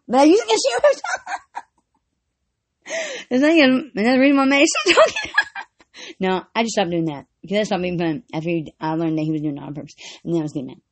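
Woman host, loose profane chat, high voice with wild swings, laughs through everything. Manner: profane, laughs constantly, swings loud to quiet. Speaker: podcast host. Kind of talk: casual rambling chat.

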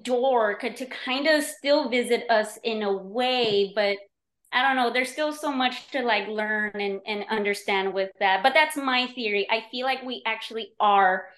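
A woman guesting on a podcast, talking in a casual, animated way with many fillers. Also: a little high, measured pace, roomy sound. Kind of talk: casual conversation.

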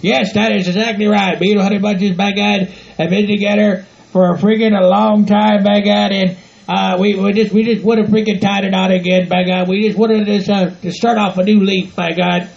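A man's voice: high voice, flat delivery, a little mellow. A man playing a rowdy, folksy hillbilly husband, stammering and tacking "by God" onto everything. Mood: eager. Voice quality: gravelly, repeats "by God" constantly. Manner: halting, stammering, sentimental. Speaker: podcast regular. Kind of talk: comedic role-play podcast. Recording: dull lo-fi home recording.

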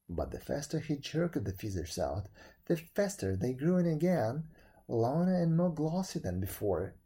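A male narrator reading an old folk tale aloud with dramatic expression. His pitch rises and falls a lot, and his voice has a warm, somewhat husky tone. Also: very animated, moderate pace.

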